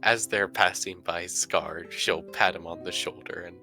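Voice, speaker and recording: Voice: low voice, steady tone, a little slow, pushed and bright, soft background music. A player in a tabletop role-playing game, narrating characters' actions and speaking lines as them, often calling others darling.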